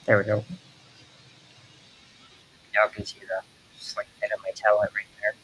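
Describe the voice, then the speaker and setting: A man streaming while he draws, chatting casually in a halting, rambling way full of fillers. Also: fairly low pitch, completely flat delivery, fairly bright tone, breathy edge, poor audio. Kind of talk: casual live-stream chat while drawing.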